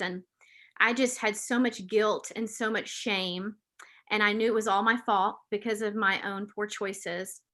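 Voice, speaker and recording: Bright-voiced woman, emotional testimony. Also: medium pitch. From Southern United States. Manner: earnest, emotional, confessional. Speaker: author and podcast host. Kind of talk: interview guest telling a personal testimony.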